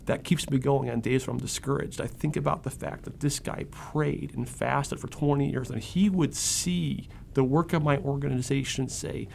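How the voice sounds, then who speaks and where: Middle-aged man, ministry director, earnest interview testimony, gravelly mid-range voice, faint noise. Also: medium pitch, steady tone, moderate pace, hardly any pauses, a little mellow. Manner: earnest, emphatic, with repeated restarts. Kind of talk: interview answer, personal testimony.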